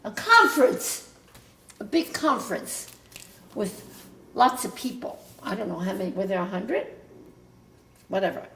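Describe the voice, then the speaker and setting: A woman's voice: medium pitch, sing-song, a little slow, creaky, long pauses, pushed and bright, reverberant, slight background noise. An older woman telling stories about her family's past to her grown child in a casual, rambling way, often breaking off mid-sentence and starting over. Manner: rambling, self-interrupting storyteller. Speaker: mother recounting family history.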